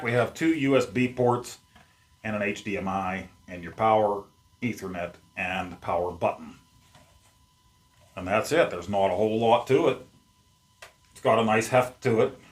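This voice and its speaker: A man hosting a casual unboxing vlog at home, chatting in a rambling way as he handles the gear. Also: lowish voice. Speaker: YouTube host. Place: at home among his game collection.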